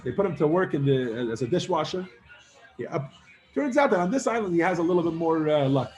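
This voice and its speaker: A man teaching a class, telling a long parable with lively acted-out voices and casual fillers. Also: fairly high pitch, a little fast. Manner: animated storyteller, acts out characters with many fillers. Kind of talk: storytelling lesson to students.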